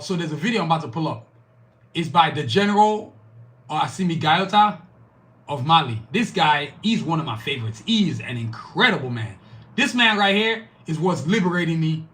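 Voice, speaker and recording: A man's voice: on the high side, a bit bright. A man from Nigeria hosting a podcast, delivering an angry, profane, emphatic monologue. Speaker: podcast host.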